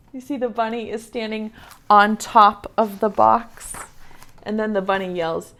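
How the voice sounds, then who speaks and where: A woman teaching preschool over a video call, reading a picture book aloud in a gentle, playful way and asking the children questions. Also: medium pitch, measured pace.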